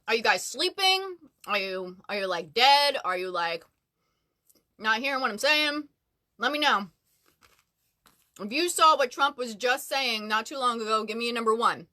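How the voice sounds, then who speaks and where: A bubbly woman hosts a casual livestream from inside her closet at home. Her voice is bright and on the high side, and she chats along easily, greeting viewers by name as they join. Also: lively intonation, normal speed. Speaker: livestream host.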